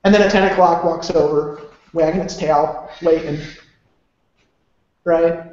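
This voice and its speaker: This motivational speaker's male voice sits on the high side, slightly mellow and steady in tone, moving a little slowly. He rambles emphatically with casual cursing, recorded in a very echoey room with a dull, lo-fi sound.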